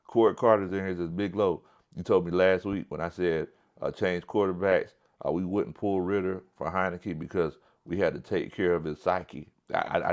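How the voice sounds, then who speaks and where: A man hosting a casual livestream sports talk show, blunt and emphatic, often repeating his point. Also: deep voice.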